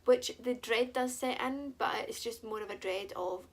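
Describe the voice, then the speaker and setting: A woman's voice: fairly high pitch, normal speed. A young woman, chatting candidly and rambling in a personal vlog. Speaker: vlogger.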